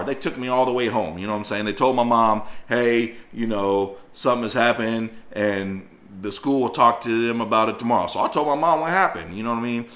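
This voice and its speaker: A man telling a personal story in a casual, profane, animated way, acting out voices and sound effects. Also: mid-range voice, brisk, hardly any pauses, echoey room. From northern Louisiana.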